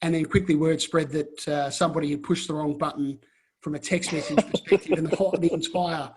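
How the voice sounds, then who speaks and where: An Australian man, a podcast guest on a video call, telling a story in a lively way and often restarting his phrases. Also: on the high side, fairly quick. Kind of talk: casual storytelling.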